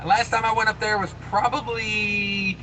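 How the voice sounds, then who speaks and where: Trucker host, male, easygoing livestream chatter, somewhat high and forceful tone, faint vehicle hum behind. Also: little pitch movement, moderate pace, low-quality recording. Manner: laid-back and rambling, with many fillers and repeated phrases. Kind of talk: casual live chat, reading viewer comments aloud.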